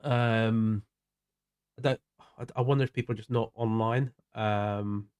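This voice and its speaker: A man's voice: on the low side, fairly even intonation, measured pace, a little mellow, clean tone. A man with a South London accent, chatting casually to viewers by name during a live racing game stream. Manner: chatty, greets viewers by name, drifts into mumbled asides. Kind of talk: casual livestream chat while gaming.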